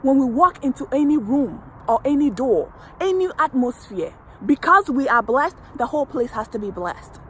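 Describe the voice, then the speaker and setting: A woman's voice: sits high, sing-song, normal speed, hardly any pauses, a bit bright, a little hiss or hum, low-quality recording. A woman wellness coach giving a motivational affirmation talk straight to the viewer, with emphatic, repetitive, uplifting phrasing. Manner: speaks directly to the viewer.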